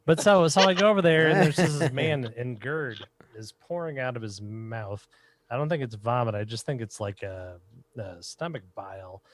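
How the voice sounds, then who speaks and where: A man of middle pitch tells a rambling story on a casual comedy podcast. He jumps into loud, high voices to act out what other people said. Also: normal speed. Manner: animated, acts out quotes in raised voices. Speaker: podcast co-host. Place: home recording, remote podcast.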